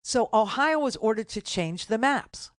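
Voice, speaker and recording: A woman's voice: on the high side, lively intonation, dry recording, clean studio sound. Indignant older woman radio host. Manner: indignant, sarcastic, rapid asides. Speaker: radio talk show host. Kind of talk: political talk radio monologue.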